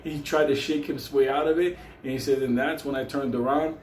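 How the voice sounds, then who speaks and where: A man's voice: medium pitch, fairly even intonation, brisk, a little mellow. Profane New storyteller man, roomy sound. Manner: crude, rambling, laughs often. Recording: roomy echo with faint hum.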